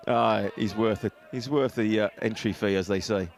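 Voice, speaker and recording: A man's voice: fairly low pitch, normal speed, few pauses, a little hiss or hum. A man giving live football commentary from an outdoor stadium on a headset mic, chatty and joking, often laughing. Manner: jokey, chatty, laughs often, self-mocking. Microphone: headset with earpiece.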